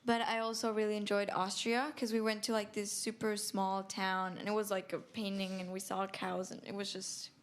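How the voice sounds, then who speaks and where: A young woman answers interview questions in a relaxed, casual way. Her voice sits at an ordinary middle pitch for a woman. She talks loosely, with a lot of "like" and "I mean". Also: moderate pace, hardly any pauses. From Finland. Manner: easygoing, casual. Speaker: band member.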